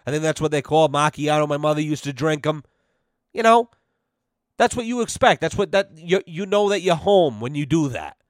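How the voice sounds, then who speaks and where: Young male podcast host, profane sarcastic rambler, slightly high voice, dry close recording. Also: animated, moderate pace, no echo. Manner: profane, rambling, sarcastic, lots of "you know". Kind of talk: casual comedic rant.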